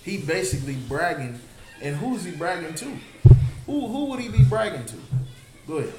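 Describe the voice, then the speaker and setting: A man's voice: fairly high pitch, very animated, moderate pace. Emphatic man preaching to a study group. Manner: emphatic, keeps asking "you understand?". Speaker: teacher leading a scripture study. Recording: roomy, noisy recording.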